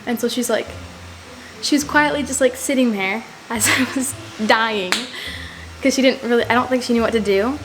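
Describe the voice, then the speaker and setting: A woman's voice: fairly high pitch, moderate pace, music in the background. Young woman rambling through a vlog story. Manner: rambling, heavy use of "like". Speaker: vlogger. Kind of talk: casual storytelling to camera.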